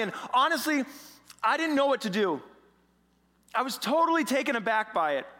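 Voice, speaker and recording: A man with a high voice preaches a sermon in a church sanctuary, and his words carry a long reverb. He is an animated storyteller who drops to a hush and then builds back up with force. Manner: animated, swings between hushed and emphatic. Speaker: pastor.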